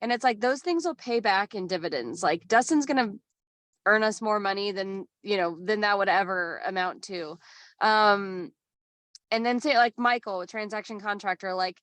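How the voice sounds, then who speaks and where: A woman's voice: mid-range voice, normal speed, fairly bright tone, no echo. A woman speaking as a podcast guest in a casual, candid way, with lots of "like". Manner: candid, chatty, peppered with "like". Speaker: podcast guest, business owner. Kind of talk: casual chat.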